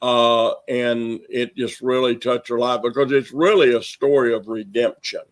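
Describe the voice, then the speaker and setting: A man's voice: medium pitch, steady tone, normal speed. A man with a Southern US accent, a minister hosting the show, talking in a folksy, joking way. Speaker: minister and host. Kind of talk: casual chat.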